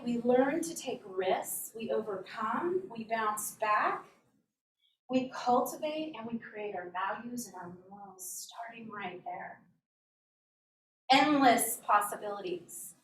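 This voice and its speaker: A woman giving an earnest, animated inspirational talk as a guest speaker in a church hall. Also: high voice. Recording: roomy echo from a distant mic, faint hum.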